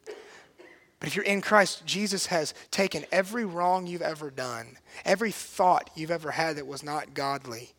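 A man preaching a sermon as pastor, earnest and emphatic, swinging from hushed, quiet lines to loud, forceful ones. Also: a little high, moderate pace.

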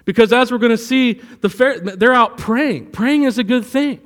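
A man with a high voice preaches in a relaxed, storytelling way, leaning hard on key words. His voice rings out with a long hall reverb. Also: moderate pace. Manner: conversational preaching with anecdotes, rising for emphasis. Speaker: pastor. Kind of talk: sermon.

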